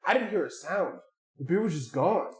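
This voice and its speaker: A man's voice: fairly high pitch, expressive, moderate pace. Swearing storytelling guy in echoey room. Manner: swearing, storytelling, mimics coworkers. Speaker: podcast co-host. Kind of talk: casual chat.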